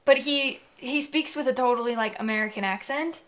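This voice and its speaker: A young woman co-hosting a podcast in casual chat, rambling with lots of fillers and animated outbursts. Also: sits high, brisk. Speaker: podcast co-host.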